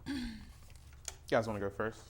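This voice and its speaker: Slow-talking young man hosting a quiz. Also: mid-range voice, slight background noise. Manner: relaxed, laughs often, hums a tune. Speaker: quiz show host. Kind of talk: casual game show hosting.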